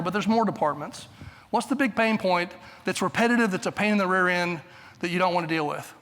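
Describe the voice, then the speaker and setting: An older man speaking at a conference, with a fairly high, bright, forceful voice. He talks in a blunt, to-the-point way. His voice rings out with the long reverb of a large hall. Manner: blunt, straightforward, brief. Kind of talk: conference presentation.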